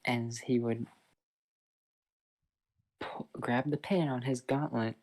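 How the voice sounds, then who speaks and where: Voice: medium pitch, steady tone, takes it slowly, a little mellow. A person casually retelling a fan-fiction story, rambling and loose with lots of fillers.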